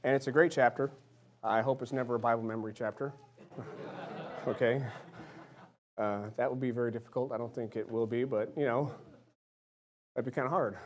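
In his thirties, this man preaches a casual, conversational sermon, often checking in with "right?" and "amen?" His tone stays steady and fairly quick, with frequent pauses. At times he acts out little voices or drops soft and low.

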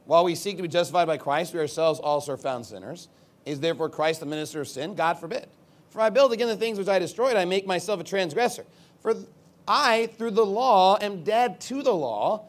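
A male pastor preaching a sermon off the cuff. He rambles at times and turns emphatic when he reads scripture. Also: sits high.

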